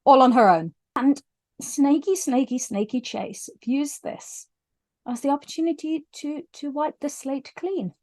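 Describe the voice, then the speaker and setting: High-voiced, emotional woman book reviewer. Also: measured pace. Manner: gushing and emotional, lively retelling; frequent restarts when moved. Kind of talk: casual book review vlog.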